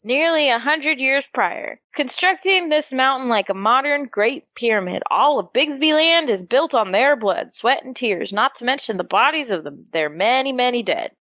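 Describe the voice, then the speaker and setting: A woman's voice: high-pitched, animated, fairly bright tone, no echo, lo-fi sound. A woman co-hosting a podcast, reading a horror story and joking about it. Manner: joking and quick to question the story. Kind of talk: casual story reading with banter.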